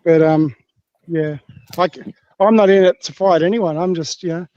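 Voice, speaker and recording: A man's voice: on the high side, fairly even intonation, normal speed, dark tone, no room sound, lo-fi sound. A man from Australia with an Australian accent, chatting on a livestream in a rambling, crude, joking way. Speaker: stream guest. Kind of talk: casual livestream chat.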